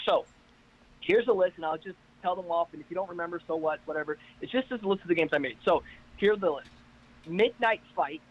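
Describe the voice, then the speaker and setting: A man calling in to a casual chat show, telling stories in an energetic, hyped-up way. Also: a little high, dull audio, a little hiss or hum. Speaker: caller guest. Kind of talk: casual chat on a video call. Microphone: internet call.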